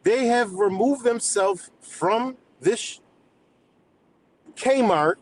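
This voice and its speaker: A man's voice: high-pitched, animated, very slow, rough recording. Heated, swearing man ranting on a livestream. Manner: heated, swearing, streetwise slang, laughs between points. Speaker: livestream host. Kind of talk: profane political rant.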